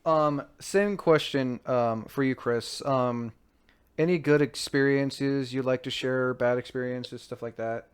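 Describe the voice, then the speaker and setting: Male podcast host, very smooth and resonant voice, easygoing moderator. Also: medium pitch, steady tone, unhurried. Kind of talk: moderating a panel.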